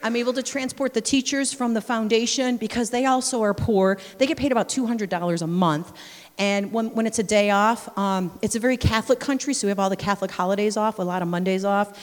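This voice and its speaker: Lively woman preaching in echoing church. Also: medium pitch, a little fast. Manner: lively storyteller, acts out scenes, exclaims praise. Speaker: missionary speaker. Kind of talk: sermon with personal stories. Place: church sanctuary. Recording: long reverb of a large church hall.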